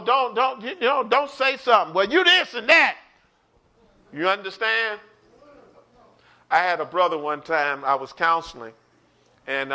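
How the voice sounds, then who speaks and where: High-voiced, animated male preacher. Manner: animated, repeats words, calls out to listeners. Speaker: pastor teaching a Bible study. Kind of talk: preaching in an online Bible study.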